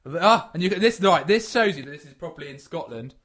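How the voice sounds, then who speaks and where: Lively man joking on a podcast. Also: on the high side, fast talker. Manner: jokey, mock-reads quotes in put-on voices. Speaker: podcast co-host. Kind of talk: comic podcast banter, reading a news story.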